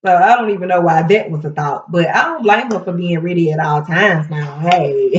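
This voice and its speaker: A woman hosting a casual TV recap, retelling scenes in an animated way, laughing often and quoting the characters in quick asides. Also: mid-range voice. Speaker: recap show host. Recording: roomy, distant, dull sound.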